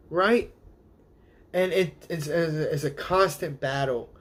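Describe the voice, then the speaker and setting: An animated man with a slightly high voice, hosting a live stream as a casual monologue. He rants in plain everyday speech and jumps into quick impressions of the people he quotes. His voice sits a little above the usual male range. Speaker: host.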